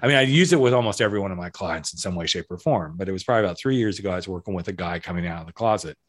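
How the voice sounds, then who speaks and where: A man's voice: deep voice, rapid-fire. A man who works as a coming-out coach, chatting casually in a frank, rambling way that often breaks off mid-sentence. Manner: frank, rambling, self-interrupting. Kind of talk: casual podcast chat.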